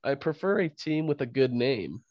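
A man's voice: medium pitch, animated, moderate pace, darkish tone, dry recording, lo-fi sound. A man with a cold hosting a casual sports podcast, laughing often and rambling with restarts. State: fighting a cold. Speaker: podcast host.

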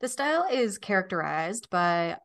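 Woman, 30s, podcast co-host, casual filler-heavy chat, mid-range pitch. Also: big pitch swings, a bit bright. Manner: chatty, filler-heavy, quick asides.

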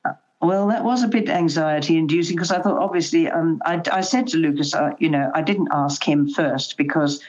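Older woman, low-pitched, chatty storyteller, slightly dull lo-fi sound. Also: normal speed. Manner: chatty storyteller, animated quoting. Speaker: guest. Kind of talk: conversational interview.

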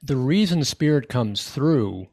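A man's voice: medium pitch, expressive, slow pace, a little mellow. A man speaking as a medium in an interview, reflective and hesitant as he thinks aloud. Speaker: spiritual medium, guest. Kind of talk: conversational interview.

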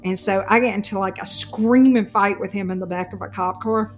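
A woman's voice: medium pitch, steady tone, fairly quick, faint music behind. A woman telling a personal story in casual chat, acting out both sides of the dialogue.

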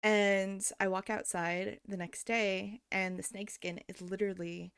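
A woman hosting a podcast, chatting casually and telling animated stories with frequent laughter. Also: mid-range voice, a little slow, clear, resonant tone, dry recording, clean studio sound. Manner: animated storyteller, laughs often. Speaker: podcast host.

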